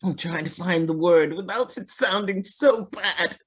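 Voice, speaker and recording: A woman's voice: lowish voice, measured pace, slightly rough. A woman from Liverpool, a singer and guest, telling her story in a candid, chatty way with frequent laughs. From Liverpool, England. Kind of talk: casual storytelling interview.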